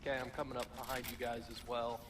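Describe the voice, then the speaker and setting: A man's voice: medium pitch, level tone, fast talker, far from the mic, heavy background noise. A man co-hosting a live gaming stream, chatting in an easygoing way. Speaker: co-host. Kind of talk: casual gaming chat.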